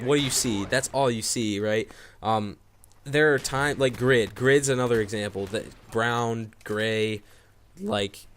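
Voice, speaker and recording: A young man giving casual gameplay commentary, rambling and repeating words with many fillers. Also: medium pitch. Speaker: gaming commentator.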